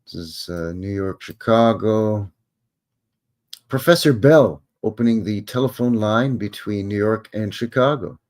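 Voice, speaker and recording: A man's voice: on the low side, measured pace, a little mellow. A man hosting a live stream, talking casually over old photos with joking, rambling, wry asides. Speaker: livestream host.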